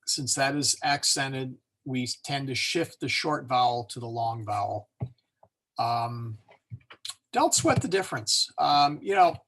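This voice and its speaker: A man teaching an informal class on pronouncing Latin, relaxed and chatty, joking with his students and slowly sounding words out to show them. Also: mid-range voice. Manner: relaxed and chatty, many fillers and self-corrections, joking asides.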